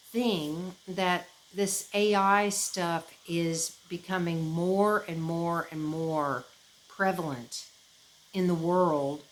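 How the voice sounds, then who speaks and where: A woman vlogging in a casual, rambling way, with a slightly low voice that swings up and down as she talks. She fills her talk with fillers and restarts. A faint hiss sits under her voice. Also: rough recording. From United States. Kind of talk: casual chat.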